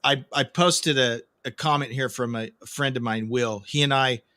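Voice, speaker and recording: A man hosting an interview, talking casually and halting as he frames questions. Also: mid-range voice, steady tone, sharp tone, no echo. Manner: halting, repeats words while framing questions. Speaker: radio show host.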